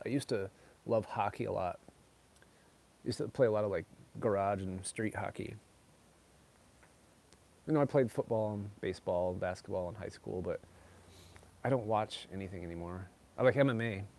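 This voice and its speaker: A middle-aged man answers his viewers in a loose, rambling chat, padding his sentences with "like" and "you know." His voice sits on the lower side and has a dark, mellow tone. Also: moderate pace, creaky, pauses often. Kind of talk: casual chat.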